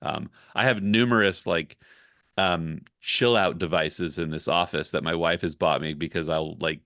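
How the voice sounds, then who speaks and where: A man's voice: sits low, fairly even intonation, normal speed, a bit bright, no room sound, clean studio sound. A man who works as a ghostwriter, speaking candidly and reflectively in a casual podcast conversation. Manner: candid, reflective, talks it through. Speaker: ghostwriter guest.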